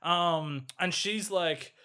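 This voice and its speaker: Man, Australian accent, high voice, bright tone, sarcastic podcast co-host. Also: extremely slow, clean tone. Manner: joking, sarcastic, drops into low mock voices. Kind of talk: casual chat.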